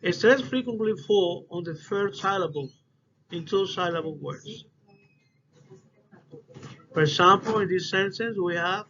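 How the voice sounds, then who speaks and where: A high-voiced man gives a class presentation at a slow, careful pace, often stopping to restart his phrases. The recording is dull and lo-fi, with faint hiss underneath. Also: a bit bright. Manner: halting, restarts phrases, non-native English phrasing. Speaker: student presenter.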